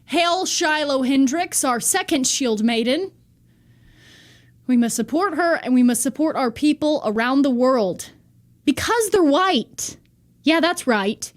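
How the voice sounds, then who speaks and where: High-voiced, riled-up woman ranting. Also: animated, measured pace. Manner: riled up, heated and profane. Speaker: vlogger. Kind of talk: ranting vlog monologue.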